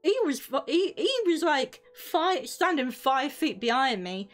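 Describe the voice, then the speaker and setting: A woman's voice: high-pitched, big pitch swings, a little slow, faint music behind. A young British woman streamer telling a rambling, sweary story, often breaking off mid-sentence. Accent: British English. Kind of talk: casual storytelling on a live stream.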